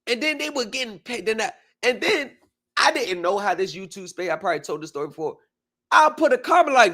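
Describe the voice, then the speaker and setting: A man chats casually on a livestream over a call, his voice pitched a little high. He tells a story in animated bursts, leaping up and down in pitch and swearing freely as he acts out his own reactions. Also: brisk. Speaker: livestream host.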